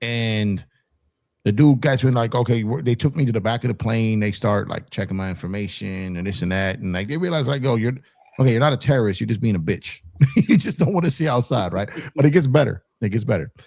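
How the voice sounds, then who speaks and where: A man telling a profane, animated story in casual podcast talk. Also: fairly low pitch, brisk, gravelly, no echo. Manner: animated, profane, acts out quotes. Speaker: podcast co-host.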